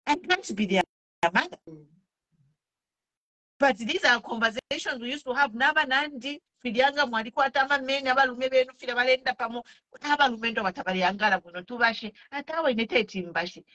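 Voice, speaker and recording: Earnest Zambian woman, bright voice. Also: on the high side, brisk. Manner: earnest, pleading, switches languages mid-sentence. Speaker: speaker sharing testimony. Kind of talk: personal testimony mixing English and Bemba.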